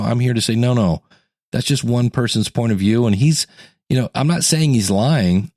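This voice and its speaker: A man hosting a teaching podcast in a casual, conversational way, acting out quotes with sudden jumps in pitch. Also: a little mellow, no room sound, clean studio sound. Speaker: podcast coach and host.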